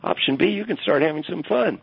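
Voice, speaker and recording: Man doing a sardonic old male professor: raised pitch, gravelly edge, lecturing tone, muffled recording. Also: lively intonation, a little fast, heavily acted. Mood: mocking. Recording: dull lo-fi remote audio.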